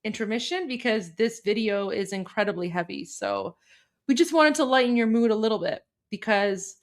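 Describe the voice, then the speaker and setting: A woman's voice: medium pitch, lively intonation, normal speed. A woman from Iran co-hosting a live stream, chatting casually with many fillers and restarts.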